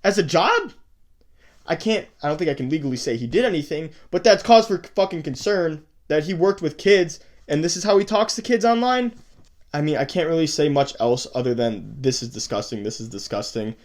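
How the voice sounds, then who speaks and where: A man's voice: a little high, lively intonation, a little fast. A man hosting a video, angrily commenting on chat messages he reads out, swearing and sounding disgusted. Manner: profane, disgusted, heated. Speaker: host. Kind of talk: angry commentary reading chat logs.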